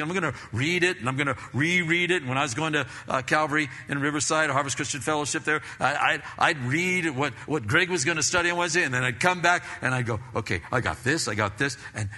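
Casting note: middle-aged male pastor, very bright, forceful voice, casual animated sermon, long hall reverb. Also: a little high, husky. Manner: casual, animated preaching with frequent "man" and repetitions.

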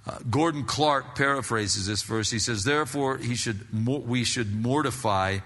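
A middle-aged male pastor preaching a sermon in a casual, animated way, repeating himself and often calling listeners "man". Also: medium pitch, moderate pace, hardly any pauses, long reverb tail, a little hiss or hum.

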